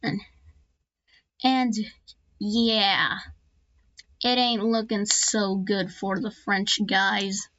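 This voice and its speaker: A woman's voice: medium pitch, fairly even intonation, extremely slow, pauses often, a bit bright, no room sound, highs cut off. Rambling woman narrating a map. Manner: rambling, with many fillers and restarts; jokey asides. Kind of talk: casual narration of an alternate-history map.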